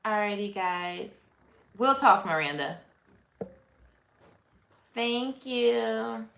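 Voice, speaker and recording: A woman's voice: medium pitch, animated, drawn-out words, vocal fry, fairly bright tone, reverberant, slight background noise. A woman hosting a casual livestream, chatting with viewers, laughing often and reacting to comments. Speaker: livestream host. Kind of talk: casual live chat.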